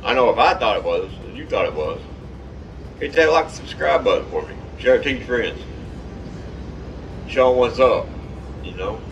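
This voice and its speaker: A man giving excitable, profane, trash-talking commentary over his own gameplay. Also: mid-range voice, moderate pace, gravelly, long pauses, recorded from a distance, highs cut off, a little hiss or hum.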